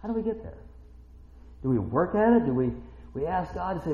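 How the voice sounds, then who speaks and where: A man preaching in a high, animated voice that leaps from hushed scripture reading to shouted praise. He is heard in a big hall with a long echo. The recording is muffled and lo-fi. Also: a little fast, gravelly. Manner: swings from low quiet reading to shouted excited praise. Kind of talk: sermon. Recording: echoey hall, dull lo-fi sound.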